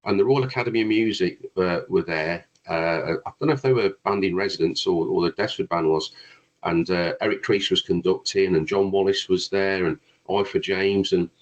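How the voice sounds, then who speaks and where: A brass player tells long stories in a casual chat, stumbling over restarts as he goes. His voice sits low and husky. The call audio is dull and lo-fi. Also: normal speed. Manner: rambling anecdotes with frequent restarts and laughs.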